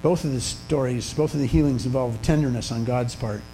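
An older man preaching a sermon in a church, telling stories in a conversational way with pauses and restarts. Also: medium pitch, warm tone, soft background music, rough recording. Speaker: pastor. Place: church sanctuary.

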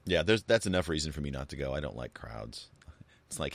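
A man's voice: a bass voice, big pitch swings, a little fast, vocal fry, dry recording. A man co-hosting a casual talk show, rambling and joking, with many restarts and fillers. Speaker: co-host. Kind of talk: casual chat.

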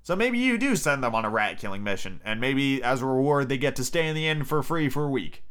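A man hosts a podcast, chatting casually and handing out emphatic, joking tips on how to run tabletop games as a game master. His medium-pitched voice is expressive, smooth and a bit bright, and he talks fairly quickly.

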